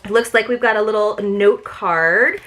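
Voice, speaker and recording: A woman's voice: medium pitch, moderate pace, a bit bright. A woman vlogger chatting casually through an unboxing, gushing and full of fillers.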